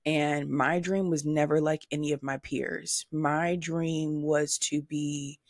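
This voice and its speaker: A woman in her twenties hosting a solo podcast, talking candidly and animatedly, with swearing and high-pitched mimicry of other people. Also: level tone, takes it slowly, no room sound, clean studio sound. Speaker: podcast host.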